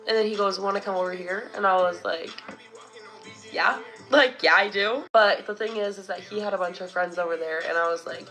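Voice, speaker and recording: A woman's voice: mid-range voice, a little fast, fairly bright tone, soft background music. A young woman telling a storytime vlog in a chatty, swearing, filler-heavy way.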